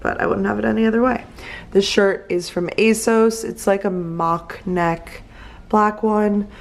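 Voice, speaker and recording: A woman's voice: medium pitch, a little slow, gravelly, poor audio. Chatty young woman vlogging to camera. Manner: chatty, lots of likes, easily excited. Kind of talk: casual chat to camera. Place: apartment and hotel room, indoors.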